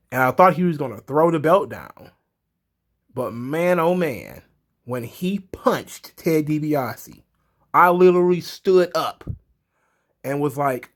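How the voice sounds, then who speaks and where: Excitable man, slightly high voice. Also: measured pace. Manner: excitable, chuckling, swears freely. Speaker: wrestling show reviewer. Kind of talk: casual wrestling recap commentary.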